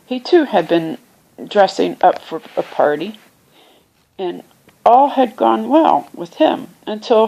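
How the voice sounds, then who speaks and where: A woman reading a children's classic aloud, unhurried, lifting her voice for the characters and pausing now and then to find her place or explain a word. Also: mid-range voice, gravelly, darkish tone, poor audio. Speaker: reader. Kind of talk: amateur audiobook reading.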